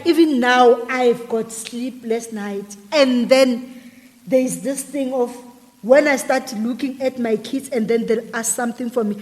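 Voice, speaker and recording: A woman's voice: on the high side, long reverb tail. A woman emotionally retelling a painful personal story, repeating herself and quoting others. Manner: emotional, repetitive retelling full of quoted dialogue.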